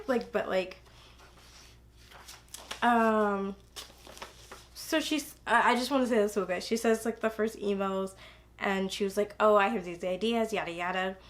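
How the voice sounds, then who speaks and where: A young woman chatting casually about a book she loves, gushing and rambling with lots of fillers and restarts. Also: mid-range voice. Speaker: book reviewer. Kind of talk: casual book review chat.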